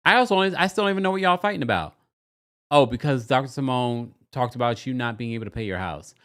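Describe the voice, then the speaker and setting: A man hosting a casual livestream recap, chatty and animated, often breaking into exaggerated quotes of the people he talks about. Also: quick pace, clear, resonant tone. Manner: animated, chatty, slips into quoting people in exaggerated high voices. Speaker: podcast host recapping a reality show.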